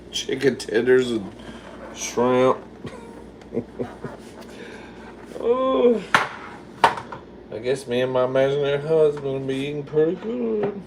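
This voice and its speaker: A man's voice: medium pitch, a little hiss or hum. Sassy man livestreaming from his kitchen. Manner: sassy, swears a lot, calls viewers "girl"; reads out and answers viewer comments. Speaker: livestream host. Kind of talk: casual livestream chat while cooking. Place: home kitchen.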